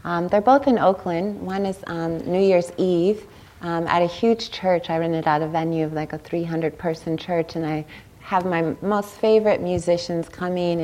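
A meditation teacher, a woman, giving a dharma talk at a meditation center, chatty and informal, often checking in with the listeners. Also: on the low side. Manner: warm conversational, seeks agreement with "right?".

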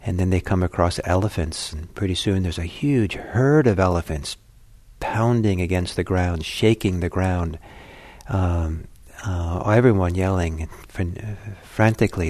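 A man telling a Buddhist parable in a talk, unhurried and conversational. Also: deep voice, a little mellow. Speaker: Buddhist teacher.

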